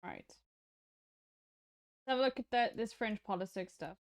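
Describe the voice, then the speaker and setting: A woman's voice: medium pitch, lively intonation, normal speed, dry recording, clean studio sound. A woman streamer, casually reading posts aloud and reacting, swearing freely. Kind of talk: live-stream reaction commentary. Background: faint music.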